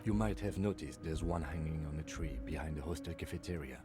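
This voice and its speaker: A composed, stern police lieutenant from a video game. His low voice stays level and clipped, all business. Game music sits clearly behind him. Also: fairly quick. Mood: matter-of-fact. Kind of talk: game voice acting.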